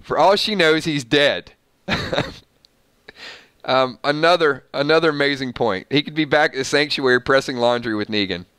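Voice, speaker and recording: Bright, laughing male recap host. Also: medium pitch, moderate pace, clear, resonant tone, no echo. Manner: laughing often, sarcastic asides. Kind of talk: casual TV recap reading from an article.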